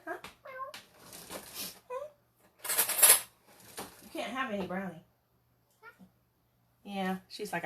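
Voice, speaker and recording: A woman's voice: mid-range voice, big pitch swings, slow pace, pauses often, very noisy. A middle-aged woman chatting at home to the camera and her cats in sing-song baby talk. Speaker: home cooking vlogger. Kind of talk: casual chat to camera and pets. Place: home, indoors.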